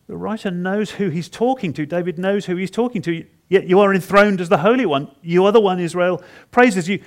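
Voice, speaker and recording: At a conference, a man with a fairly high voice preaches an expository sermon. He retells a psalm dramatically in the first person, halting and repeating words for emphasis.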